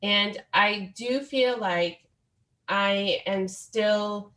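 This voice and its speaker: A woman in her forties speaks as a guest on a podcast interview. She talks in an earnest, reflective way, at a middle pitch. The recording has a roomy echo. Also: drawn-out words, a bit bright. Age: 40s. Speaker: guest author.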